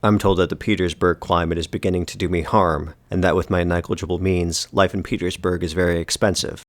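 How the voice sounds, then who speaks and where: A man narrating a first-person novel as an audiobook, with a measured, deliberate and bitterly ironic delivery. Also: low voice, flat delivery, no room sound, clean studio sound.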